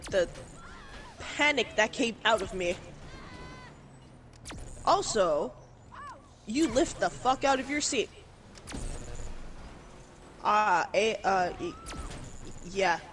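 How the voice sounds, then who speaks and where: A woman's voice: medium pitch, a bit bright, a little hiss or hum. A woman with a Canadian accent, a streamer casually telling a story, laughing often and swearing freely.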